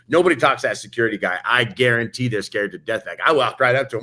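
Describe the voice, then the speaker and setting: Man, quick pace, motivational podcast co-host, lively storyteller, acts out quoted dialogue. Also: lowish voice. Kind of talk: motivational casual chat. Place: Las Vegas hotel.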